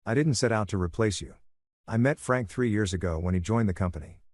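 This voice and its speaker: Man reading as a cold calculating woman executive, calm, matter-of-fact, cutting, lowish voice, dry sound. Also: brisk, no room sound, natural voice. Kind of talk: audiobook story reading.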